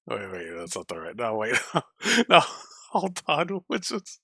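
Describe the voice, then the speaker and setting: A man's voice: mid-range voice, huge pitch swings, measured pace, vocal fry, pushed and bright, husky, dry recording, clean studio sound. A man playing a video game while giving playful casual commentary and laughing often. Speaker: let's play streamer.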